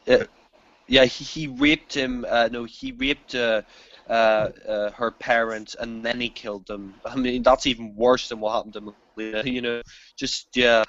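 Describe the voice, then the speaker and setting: A man's voice: medium pitch, level tone, moderate pace, a bit bright, dry recording. A man chatting agreeably about a film in a casual discussion. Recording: dry, dull lo-fi recording.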